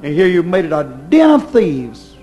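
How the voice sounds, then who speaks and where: A fiery preacher man delivers a sermon in a slightly high voice. He swings between loud, ringing proclamations and hushed, urgent pleas. Faint music plays underneath. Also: wildly swooping pitch, moderate pace. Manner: fervent, swings from loud declaiming to low intense pleading.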